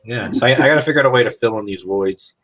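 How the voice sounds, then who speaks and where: A man's voice: medium pitch, very fast, a bit bright, soft background music. A man chatting casually while building, joking and rambling, a little self-conscious about what he says.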